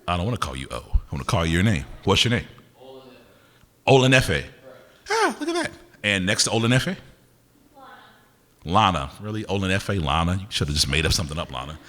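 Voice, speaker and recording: A man's voice: sits low, a bit bright. Teasing male poet in a reverberant hall. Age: older adult. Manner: teasing, quick-witted, asks audience names. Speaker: poet performing live. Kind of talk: playful crowd banter between poems. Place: university concert venue with audience. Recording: live hall recording with long reverb.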